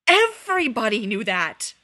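A brash teenage boy wizard, hopelessly smitten, as a woman reading a story puts him on. The voice is husky and sits fairly high. He blurts out loud, exasperated lines in a storybook reading. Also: moderate pace. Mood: shouting.

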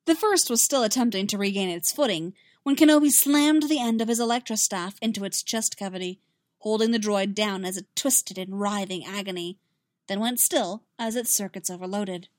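A woman narrating a science fiction story in a steady, expressive reading. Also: mid-range voice, moderate pace, no room sound, studio quality. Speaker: reader. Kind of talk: fan fiction audiobook narration.

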